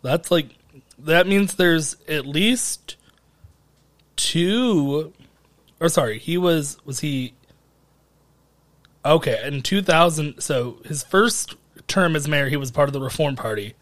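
A man's voice: fairly high pitch, animated, slow pace, long pauses, fairly bright tone, no echo. Laughing, joking male podcast co-host. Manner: joking, laughs often, thinks aloud. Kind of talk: casual podcast chat.

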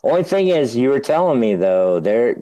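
A man, hosting a casual podcast chat, unhurried, jokey and swearing freely. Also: mid-range voice, very animated, mellow, dry recording, poor audio. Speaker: podcast host.

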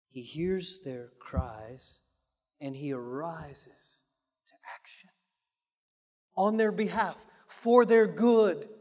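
A male pastor delivers a sermon in a fairly high voice. He talks dramatically, pushing some phrases loud and dropping others almost to a hush. His voice rings out with a long reverb tail from a large hall. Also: lively intonation, takes it slowly. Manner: dramatic, swinging from loud emphasis to hushed near-whispers.

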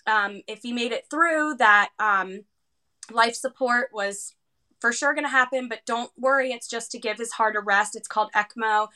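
A woman with a bright, clear tone and a somewhat high voice tells a long personal story in an interview. She is animated and often pauses on fillers. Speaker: guest, heart patient's parent.

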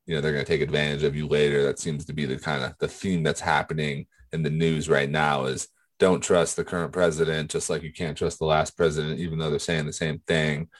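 A man's voice: a bass voice, no echo. A man co-hosting a podcast, chatting casually and rambling with many restarts. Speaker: podcast co-host.

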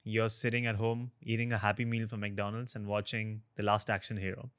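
A man's voice: on the low side, level tone, brisk, a bit bright, clean tone, no room sound, studio quality. A man hosting a casual interview, playful and teasing. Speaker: podcast host.

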